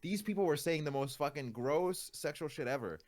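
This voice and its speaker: A man's voice: fairly high pitch, animated, a little fast, a little mellow. A male streamer in casual chat, ranting with exasperation, swearing often and leaning on fillers.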